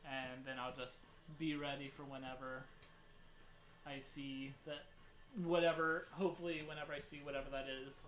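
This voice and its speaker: A man playing a tabletop game, thinking aloud in a halting way. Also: mid-range voice, little pitch movement, fairly bright tone, roomy sound, low-quality recording. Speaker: player. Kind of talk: casual tabletop play.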